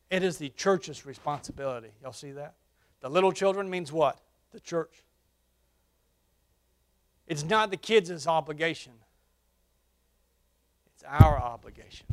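High, bright-voiced preaching man. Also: normal speed, pauses often. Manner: preaching, swinging from quiet to loud emphatic calls. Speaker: pastor. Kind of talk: sermon. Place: church sanctuary.

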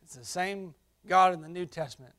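A man preaching a sermon to a congregation, swinging between quiet asides and loud emphatic calls. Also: high voice, fairly even intonation, a little fast. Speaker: pastor. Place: church sanctuary.

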